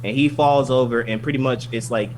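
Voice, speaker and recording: A man co-hosting a podcast, casually recapping an anime episode in an animated, profane, rambling way. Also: mid-range voice, fairly quick, slight background noise. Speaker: podcast co-host.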